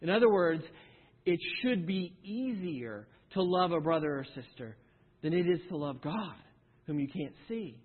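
A man's voice: a little high, expressive, a little slow, husky. A man preaching a sermon, earnest, often repeating a word as he restarts and asking the listeners questions. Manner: earnest, stumbles and repeats words, rhetorical questions. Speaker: pastor. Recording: tinny phone-like sound with long hall reverb.

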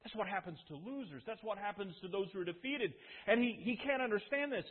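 Husky high-voiced male preacher. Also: fast talker. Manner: storytelling, emphatic with repeated restarts. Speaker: pastor. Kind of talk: sermon. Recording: tinny phone-like sound.

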